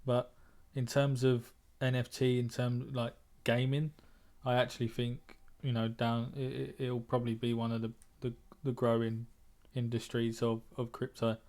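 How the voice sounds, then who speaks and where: A man's voice: medium pitch, level tone, normal speed, few pauses, darkish tone. A man, a trader and moderator, talking bluntly in a casual group discussion, often repeating words as he thinks.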